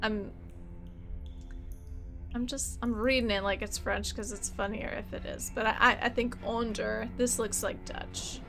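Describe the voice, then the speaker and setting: A playful woman talks through a puzzle game at an unhurried pace, joking as she sounds out strange words. Her voice sits fairly high. Game music plays steadily beneath her. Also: fairly even intonation, gravelly. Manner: playful, jokey, sounds out foreign words in mock accents. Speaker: let's play host. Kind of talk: casual game commentary. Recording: game music playing underneath.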